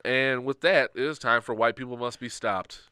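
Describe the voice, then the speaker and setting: A man co-hosting a podcast, telling a story in a casual, animated way and acting out the people he quotes. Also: mid-range voice, moderate pace, clear, resonant tone, no echo, studio quality. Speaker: podcast co-host.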